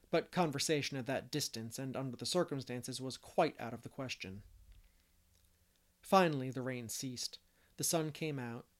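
A male audiobook narrator with a middle-pitched voice. He reads with steady, measured pacing. It is scripted storytelling throughout.

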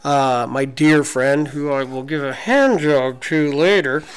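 A man in his forties co-hosting a podcast, telling a story in an excited, gushing way with many restarts. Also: a little high, unhurried, smooth, poor audio. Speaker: podcast co-host. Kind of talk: casual storytelling chat.

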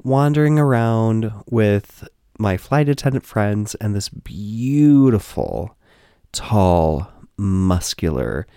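A young man co-hosting a podcast, telling a story in a casual, animated way. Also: on the low side, slow, clear, resonant tone, no room sound, clean studio sound. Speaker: podcast co-host.

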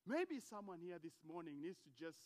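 High-voiced impassioned male preacher. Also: big pitch swings, normal speed. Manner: impassioned, swinging from hushed to loud emphatic preaching. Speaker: pastor. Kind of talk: sermon.

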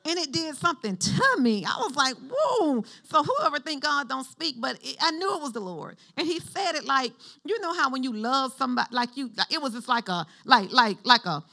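A woman's voice: sits high, a little fast, vocal fry, hardly any pauses. A woman pastor preaching a sermon in a conversational style, calling out prompts for the congregation to answer. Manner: lively call-and-response with the congregation; conversational, shifts between preaching and chatty asides.

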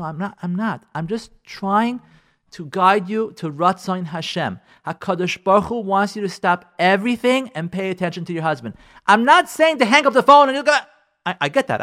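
A man's voice: fairly high pitch, animated, fairly quick, a bit bright. A man teaching a radio class as a rabbi, emphatic and repetitive, sprinkling in Hebrew and Yiddish terms. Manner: acts out listeners' imagined voices. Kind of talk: radio Torah class on marriage.

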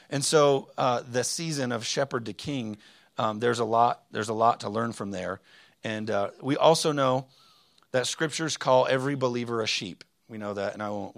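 A man's voice: fairly low pitch, vocal fry, a bit bright, no room sound. A man in his thirties preaching a sermon, telling a personal story with plenty of fillers and self-deprecating asides. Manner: rambling, self-deprecating, frequent fillers and restarts. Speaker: pastor.

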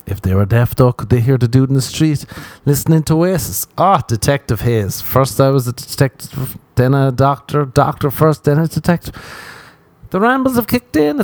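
A man's voice: medium pitch, a little mellow, no room sound. A young man hosting a solo comedy podcast, rambling with crude jokes. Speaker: podcast host.

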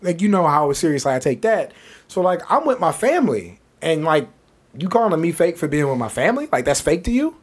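A man spins a story in casual podcast chat, his pitch rising and falling a lot. He talks in slang, swears often and acts out the other people in the story. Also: fairly quick, breathy edge. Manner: animated, profane, slangy, acts out quotes. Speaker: podcast co-host.

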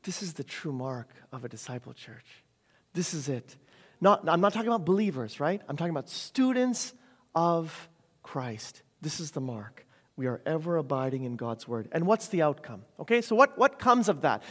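A man preaching a sermon as a pastor. He asks the congregation rhetorical questions, often adds "right?", and repeats key phrases for emphasis. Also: fairly high pitch. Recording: long hall reverb.

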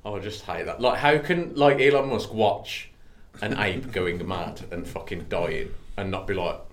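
A man's voice: low-pitched, unhurried. A man co-hosting a podcast, chatting loosely with lots of swearing and jokes. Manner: loose, sweary, jokey banter. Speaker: podcast co-host. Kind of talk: casual chat. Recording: roomy echo.

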